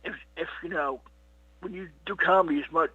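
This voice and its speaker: A middle-aged comedian, being interviewed, tells casual, meandering stories littered with "he goes" and "you know what." His brisk, high-leaning voice sounds pushed, bright and slightly rough, in a dull, dry, lo-fi recording.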